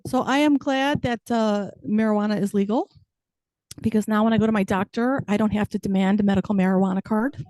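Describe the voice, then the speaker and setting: A woman's voice: medium pitch, fairly even intonation, a little fast, a little mellow, dry recording. A woman in her fifties performing a stand-up comedy set with wry, self-deprecating punchlines. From United States. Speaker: stand-up comic.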